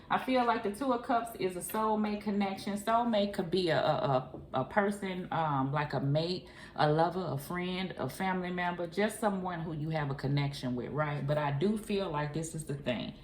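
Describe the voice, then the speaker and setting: A woman doing a casual tarot reading in a chatty, familiar way, calling the listener boo and honey. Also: medium pitch. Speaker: tarot reader. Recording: echoey room, faint hiss.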